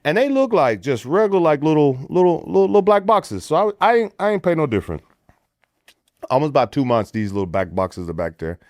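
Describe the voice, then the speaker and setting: A man's voice: fairly high pitch, brisk, no room sound, studio quality. A middle-aged American man in a casual podcast chat, telling stories with put-on voices and plenty of swearing. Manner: animated storyteller, puts on voices for quotes, swears freely. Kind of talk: casual storytelling.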